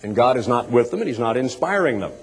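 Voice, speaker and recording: A middle-aged man preaching a sermon in an animated, sarcastic way, with mocking asides. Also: mid-range voice, fast talker, slightly rough, big-room sound, poor audio.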